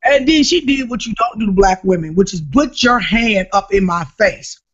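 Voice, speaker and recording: Lively woman comedian telling a story. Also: mid-range voice, normal speed, slightly rough. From New Jersey. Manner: animated, emphatic storyteller who shouts at the punchlines. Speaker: comedian guest. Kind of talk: storytelling on a podcast. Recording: dull lo-fi podcast recording.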